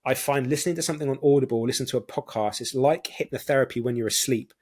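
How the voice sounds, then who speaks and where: A man's voice: medium pitch, fast, darkish tone, breathy edge. A man with a British accent, hosting a podcast in casual chat, explaining things eagerly and laughing often. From United Kingdom. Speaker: podcast host.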